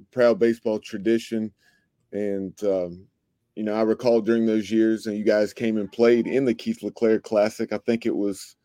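A man hosting a sports podcast, asking measured questions with frequent fillers. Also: fairly low pitch, warm tone, dry recording. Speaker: podcast host.

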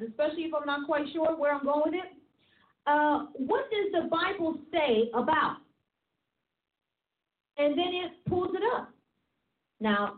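A woman apostle preaching a teaching sermon, emphatic and repetitive with a chatty, laughing manner. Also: high-pitched. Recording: tinny phone-like sound in an echoey room.

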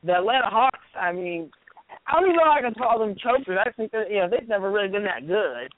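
A man's voice: sits high, very animated, quick pace. A man co-hosting a sports talk show, making mocking, sarcastic asides about the local teams. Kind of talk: casual sports radio rant. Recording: tinny phone-like radio sound.

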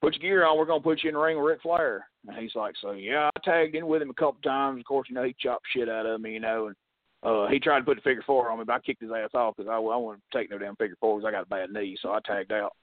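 A man's voice: lowish voice, steady tone, quick pace, no echo. A man, casually telling a story as a wrestling podcast co-host and acting out the quoted voices. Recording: dry, phone-like audio.

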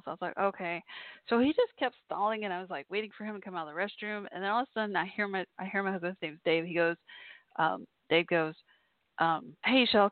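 A woman's voice: mid-range voice, dry recording. A woman telling a personal story to her listeners in a chatty way, laughing often. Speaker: podcast host. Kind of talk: casual storytelling monologue. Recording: tinny phone-like sound, dry.

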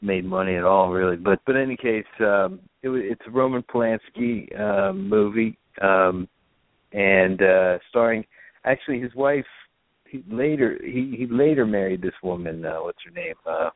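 A man's voice: on the low side, expressive, normal speed, no echo. A man hosting a casual movie review podcast, talking hesitantly with many fillers. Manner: hesitant, lots of uh and um. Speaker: podcast host. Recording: dry phone-like sound.

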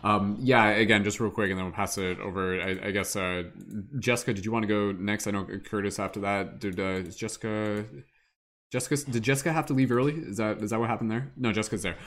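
Guy hosting a podcast circle, lowish voice, reflective, passing it to the next person. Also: fairly even intonation, a little fast, fairly bright tone. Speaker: podcast host. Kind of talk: casual group discussion.

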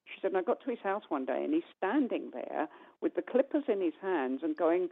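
A woman, a guest medium, telling a long personal story on a call-in radio show and acting out the dialogue with animated voices. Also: lowish voice, brisk, husky. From United Kingdom. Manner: animated, acts out quoted dialogue. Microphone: telephone. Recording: tinny phone line.

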